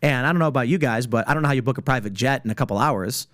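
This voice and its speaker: A man on a podcast panel, telling stories in animated casual chat, often restarting his sentences. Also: medium pitch. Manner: animated storytelling with rapid restarts. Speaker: podcast guest and show host.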